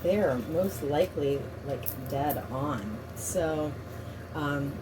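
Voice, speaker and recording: A woman who works as a tarot reader and energy healer, speaking in a calm, measured, invocational way as she leads a guided meditation and chants a repeated prayer. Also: low-pitched, noisy background.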